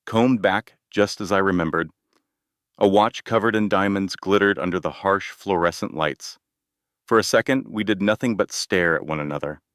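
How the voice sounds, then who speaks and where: A man narrating a first-person dramatic story in a measured, even way. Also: low voice, dry recording, clean studio sound.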